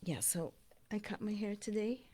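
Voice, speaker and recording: A woman rambles casually in a vlog monologue, speaking bluntly with profanity and often dropping into a breathy whisper. Her voice is medium-pitched, expressive and mellow, at a normal speed.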